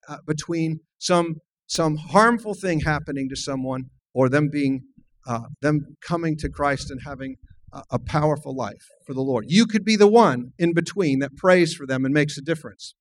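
A man's voice: fairly high pitch, moderate pace, low-quality recording. Earnest man preaching a sermon. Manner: earnest, storytelling, frequent restarts. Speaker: minister. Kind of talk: sermon with personal story.

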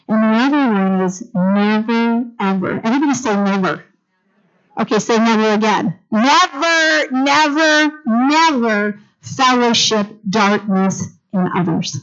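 A middle-aged woman teaching a Bible lesson in an animated sermon style, calling on the congregation to answer. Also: medium pitch. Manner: animated, calls for congregation responses. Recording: dull lo-fi recording.

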